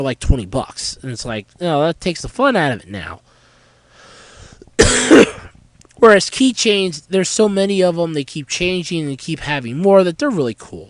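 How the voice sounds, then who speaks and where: A man with a high, animated voice hosts a casual solo podcast, sounding nasal and congested from a cold. He rambles along with plenty of fillers and pauses. The sound is dry and close, with a smooth, clear tone under the stuffiness. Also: no room sound, rough recording. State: nasal from a head cold, sore throat. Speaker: podcast host.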